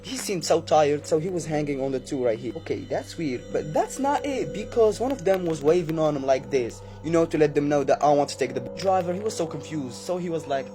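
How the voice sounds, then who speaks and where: A man casually telling a horror story, chatting directly to his listeners with quick recaps and asides. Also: a little high, lively intonation, music in the background.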